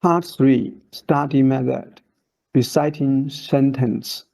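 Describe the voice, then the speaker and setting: Very slow, gravelly-voiced male teacher. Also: medium pitch, steady tone, warm tone, rough recording. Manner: slow, short broken phrases, drawn-out demonstration syllables. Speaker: Chinese teacher. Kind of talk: slow instructional voice-over.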